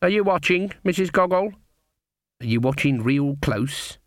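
A man playing a stern, proud old witch woman who speaks slowly and coolly. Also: low-pitched, lively intonation, dry recording, clean studio sound, pitched above the performer's own voice. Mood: calm. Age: older. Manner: cool, unyielding, slow deliberate speech.

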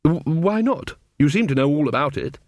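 A man's voice: lively intonation, normal speed, a little mellow, no echo, studio quality, natural voice. A man doing a bluff, blustering old wizard chief. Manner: blustering, stammering, pitched up.

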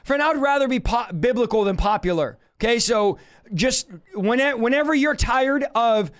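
A young man with a very high voice preaches a fiery, animated sermon. He shouts passionately in fast bursts, then slows down for emphasis.

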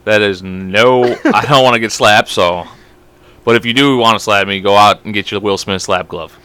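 A young man co-hosting a casual podcast, telling stories in an animated way and swearing a lot. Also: lowish voice, smooth, no echo. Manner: fast, animated storytelling with lots of swearing. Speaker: podcast co-host.

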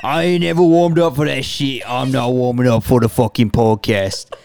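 A man voicing a rough, crude, boastful gangster in a mock British accent that drifts toward Australian. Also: medium pitch, steady tone, normal speed, darkish tone, slight background noise, close to an everyday voice. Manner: gruff, boastful, profane.

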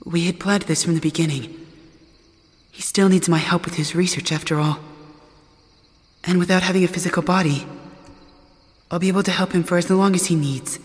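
A man voicing a calm, apologetic young male ghost in a fan audio drama, speaking quietly. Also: high-pitched, brisk, pauses often, in a large hall, natural voice.

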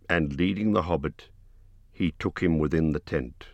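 Deep slow guy narrating an audiobook, dry close mic. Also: dry recording, muffled recording. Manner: slow, measured.

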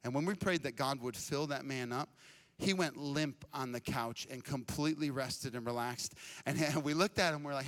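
Man, pastor, sermon, energetic casual storytelling, bright forceful voice, slightly high. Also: brisk, few pauses. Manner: energetic, casual, repeats words. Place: church stage.

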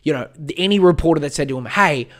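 Aussie guy ranting on his podcast, swears a lot, rambles and restarts, bit high-pitched. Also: very fast, darkish tone. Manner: heated, profane, rambling with restarts. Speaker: podcast host. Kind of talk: casual political rant.

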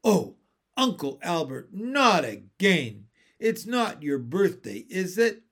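A man's voice: on the high side, very animated, slow, mellow, exaggerated voice. Mary Poppins: a man doing a stern, prim nanny. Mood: cross. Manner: crisp, clipped and haughty. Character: stern prim woman nanny, easily displeased.

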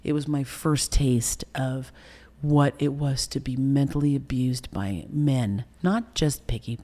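A middle-aged woman being interviewed, recounting painful personal memories in a candid, emotional and halting way. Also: rumbling low, warm tone. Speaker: interview guest.

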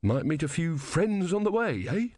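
A man's voice: a little high, very animated, normal speed, a little mellow, dry recording, clean studio sound, voice pushed up. Man voicing a hesitant common soldier. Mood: wondering. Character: humble male foot soldier, uncertain.

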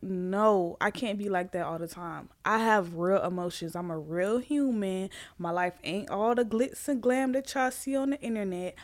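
A woman's voice: mid-range voice, no echo. Earnest woman podcaster, dry close sound. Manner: earnest, emphatic, repeats points for stress. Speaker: podcast host. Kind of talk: candid solo podcast monologue.

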